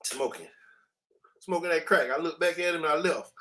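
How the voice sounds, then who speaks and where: High-pitched male guest, animated slangy storyteller who voices the sound effects. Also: moderate pace. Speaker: interview guest. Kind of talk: casual storytelling.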